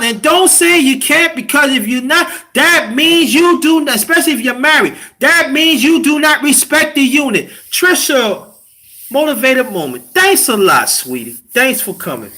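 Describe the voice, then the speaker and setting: A man with a high, bright voice hosts a casual livestream and lectures his viewers about family and marriage. He talks in a preachy way, sometimes sinking to a hushed whisper to stress a point. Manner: preachy, drops to whispers for emphasis. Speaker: livestream host.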